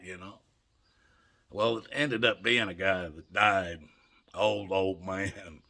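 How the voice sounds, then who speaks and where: Older male vlogger, folksy rambling storyteller, low gravelly voice. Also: slow pace, pauses often, pushed and bright. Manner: folksy, rambling, chuckles while telling. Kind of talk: casual storytelling.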